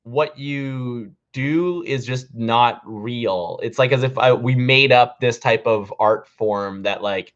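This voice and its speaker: A man's voice: mid-range voice, slow, hardly any pauses, a bit bright. A man in his thirties, a comedian, chatting casually to camera in a rambling way, with lots of fillers and restarts, in a dull lo-fi recording. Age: 30s. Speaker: vlogger and comedian.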